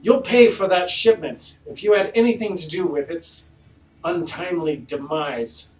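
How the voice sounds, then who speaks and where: A man's voice: a little high, unhurried, voice pushed up, close to an everyday voice. Man putting on a pompous, indignant rich mayor. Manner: haughty, indignant. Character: pompous opulent male mayor, haughty. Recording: echoey room, distant mic, faint noise.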